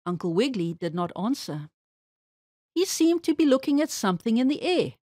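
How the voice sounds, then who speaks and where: A woman narrating a children's book aloud with expressive, sing-song storytelling. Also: a little high, normal speed, dry recording, studio quality.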